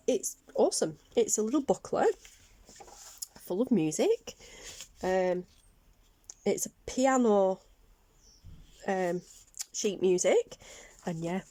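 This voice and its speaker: A woman's voice: medium pitch, mellow, no echo. A woman with a Northern English accent, chatting casually through a craft show-and-tell, rambling with lots of ums and little self-corrections. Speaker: craft vlogger.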